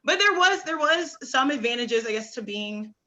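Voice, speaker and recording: Bright-voiced woman doing stand-up. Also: a little high, lively intonation, muffled recording. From Oklahoma. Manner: halting delivery with many "um"s and restarts, dry punchlines. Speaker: stand-up comedian. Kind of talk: stand-up comedy set. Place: comedy club stage with audience.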